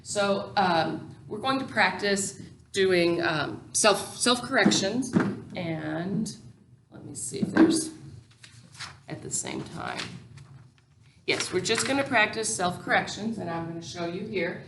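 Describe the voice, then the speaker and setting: A woman's voice: mid-range voice, big pitch swings, slow, echoey room, background noise. A woman teacher educator giving a recorded lecture, explaining patiently with many ums and restarts.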